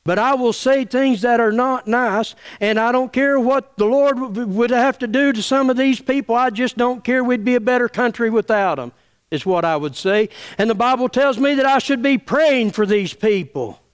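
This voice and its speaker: A middle-aged pastor, preaching an angry, folksy sermon full of stammered restarts. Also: male voice, extremely high pitch, moderate pace, clean tone. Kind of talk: fiery sermon.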